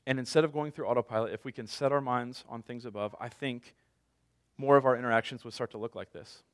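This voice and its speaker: A man's voice: medium pitch, fairly even intonation, fast talker. A man in his thirties preaching a sermon as a pastor, conversational, telling stories with self-deprecating humor.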